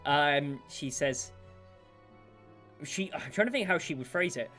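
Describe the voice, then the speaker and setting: A woman narrating as game master in a tabletop game, lively and animated, with many fillers. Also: low voice, a little slow, faint music behind.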